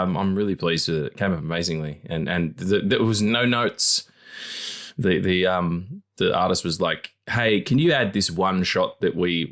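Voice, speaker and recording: A man co-hosting a podcast, rambling in casual chat, swearing freely and acting out quotes in squeaky voices. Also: a bit bright. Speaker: podcast co-host.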